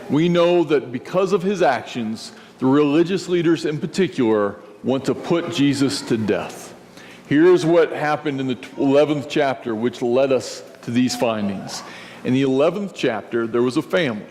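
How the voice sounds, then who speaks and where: A male pastor preaching a sermon, telling a story and acting out its scenes. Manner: storytelling, acts out scenes, lively shifts in pitch. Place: church sanctuary. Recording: long church reverb, faint noise.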